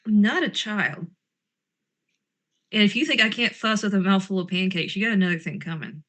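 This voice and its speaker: A woman's voice: medium pitch, moderate pace, a bit bright. Woman player, in-character banter, gripes and rambles, sarcastic streak. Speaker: tabletop game player. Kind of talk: in-character role-play chat.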